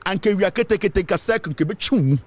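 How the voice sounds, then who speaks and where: Brief: Ghanaian male commentator, fiery and emphatic, raised pitch, very animated delivery. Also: moderate pace. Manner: fiery, emphatic, repeats points, mixes English with Twi. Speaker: political commentator. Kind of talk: impassioned political commentary.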